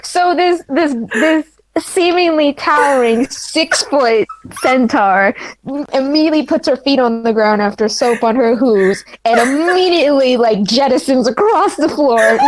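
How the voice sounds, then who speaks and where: A woman's voice: sits high, normal speed, a little hiss or hum, poor audio. Giggly woman game master. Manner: giggly, animated, chatty. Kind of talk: narrating a tabletop game.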